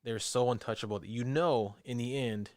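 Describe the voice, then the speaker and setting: A man's voice: mid-range voice, moderate pace, darkish tone, no room sound, studio quality. A man co-hosting a podcast, reading a scripted true-crime account and chatting with his co-host. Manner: reads narration steadily, laughs easily in banter.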